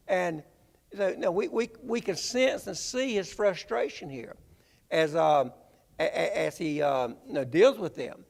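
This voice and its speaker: A man preaching a Bible-class sermon in a halting, conversational way, often repeating words. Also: fairly high pitch, vocal fry. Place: church sanctuary. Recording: reverberant church hall.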